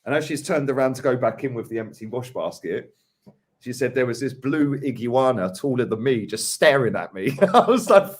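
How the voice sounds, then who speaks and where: A man's voice: medium pitch, moderate pace, darkish tone. A man co-hosting a casual podcast chat, bantering and laughing with slang. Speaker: co-host.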